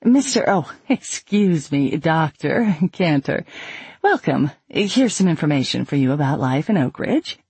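A man voicing a cheerful, chatty woman clerk who welcomes newcomers with brisk politeness. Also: fairly high pitch, lively intonation, a little mellow, breathy edge, no room sound, exaggerated voice. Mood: cheery.

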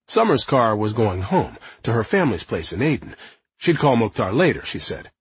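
A man narrating a nonfiction audiobook in a lively, expressive manner. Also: on the low side, normal speed, husky, no room sound, muffled recording. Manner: lively, acting out quotes.

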